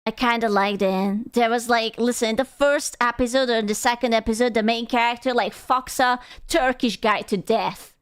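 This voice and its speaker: High, smooth-voiced young woman streamer. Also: fairly even intonation, normal speed. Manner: playful, crude and giggly. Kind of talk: casual livestream chat.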